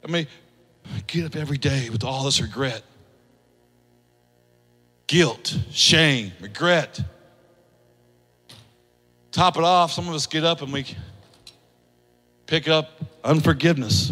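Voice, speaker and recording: A male pastor preaching a sermon to a congregation, lively, switching between quiet asides and acted-out quotes. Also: on the high side, slow, pauses often, in a large hall. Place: church hall.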